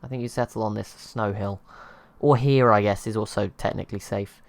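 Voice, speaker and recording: A man's voice: lowish voice, steady tone, a little fast, vocal fry, no room sound. A man hosting his gaming channel, giving casual, rambling commentary over strategy gameplay and laughing at himself. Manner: rambling, self-deprecating, chuckles at himself.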